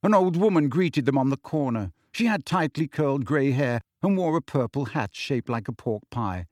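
Brief: male audiobook narrator, lively intonation, dry close mic. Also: mid-range voice, moderate pace, dry recording. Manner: steady storytelling with shifting character voices.

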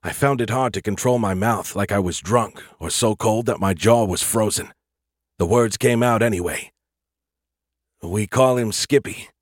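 A man narrating a first-person science fiction audiobook in a steady, earnest storytelling voice. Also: lowish voice, moderate pace, breathy edge, dry recording, clean studio sound.

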